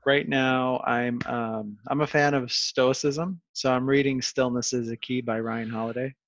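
A man's voice: mid-range voice, steady tone, unhurried, no echo. A man hosting a casual podcast, talking in a rambling, self-deprecating way with lots of restarts. His voice is recorded close and dry, with no room sound. The audio is a little dull and lo-fi. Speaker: podcast host.

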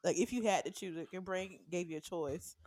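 A woman co-hosting a casual podcast chat, playful and quick to laugh. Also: lowish voice, a little mellow. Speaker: podcast co-host.

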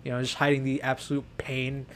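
A young man rambles through a personal story as a podcast co-host, leaning on fillers at every turn. His voice sits at an ordinary middle pitch. A faint hum of room noise lies behind him. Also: completely flat delivery, fairly quick, fairly bright tone. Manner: rambling, heavy use of fillers like "like" and "you know". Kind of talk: casual chat, storytelling.

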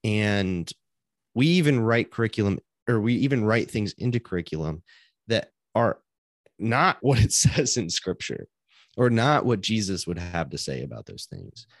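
Earnest man, low voice, dry close mic. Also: big pitch swings, moderate pace, no echo. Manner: earnest, thinks aloud, many restarts. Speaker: podcast co-host. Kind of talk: casual faith podcast chat.

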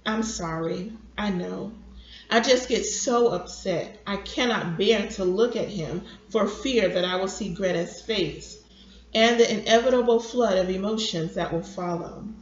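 A young father torn by grief and anger, defensive and raw as he talks, voiced by a woman reading a novel. The delivery is slow, and the recording is roomy and dull. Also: mid-range voice, close to an everyday voice. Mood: bitter. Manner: defensive, anguished. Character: grieving, bitter young father.

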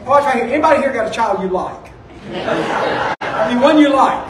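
High-voiced pastor preaching in a big echoey room. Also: male voice, animated, a little fast, a bit bright, a faint crowd, a little hiss or hum. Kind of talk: sermon. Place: church sanctuary. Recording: echoey room, distant from the mic.

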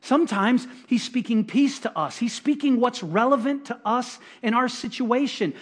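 A middle-aged male pastor delivers a sermon in a high-pitched voice. He keeps it conversational, acting out little quotes and hammering points through repetition. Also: normal speed, hardly any pauses, breathy edge.

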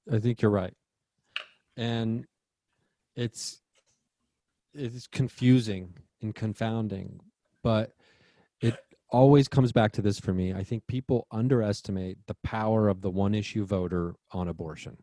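A man's voice: on the low side, a little slow, long pauses, dark tone, dry recording, studio quality. A man co-hosting a podcast in casual chat, rambling and searching for words. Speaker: podcast co-host. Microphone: remote call mic.

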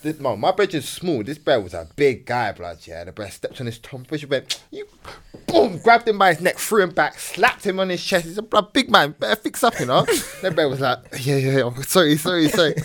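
Animated man telling stories. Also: fairly high pitch, a little fast, few pauses. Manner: London slang, animated storytelling with quoted voices. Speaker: podcast co-host. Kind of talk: casual chat, storytelling.

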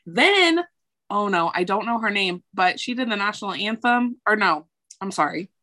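Bright-voiced woman podcast co-host. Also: mid-range voice, expressive. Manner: enthusiastic, quick reactions. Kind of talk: casual chat.

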